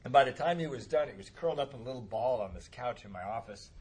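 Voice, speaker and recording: A man speaking at a recovery meeting, telling a personal story in a casual, animated way and laughing often. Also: medium pitch, fast talker, slightly rough. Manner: animated, laughs often, acts out voices in quotes.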